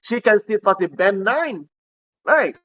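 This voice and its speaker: A man's voice: high-pitched, lively intonation, measured pace, pushed and bright. A man teaching an IELTS class in a chatty, joking way, laughing often and acting out sample student answers. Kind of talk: live online class. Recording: dull lo-fi sound with faint hiss.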